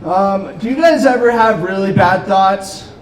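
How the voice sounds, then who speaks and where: A man doing a stand-up set, telling dark jokes in a deadpan way with frequent ums, on a restaurant comedy stage. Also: high-pitched, unhurried. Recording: roomy club, distant mic, crowd noise. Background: audience laughter.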